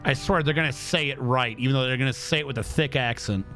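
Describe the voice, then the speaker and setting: Soft background music plays as a man streams a game, muttering casually to himself and humming at times. His voice is mid-range, fast and a bit bright.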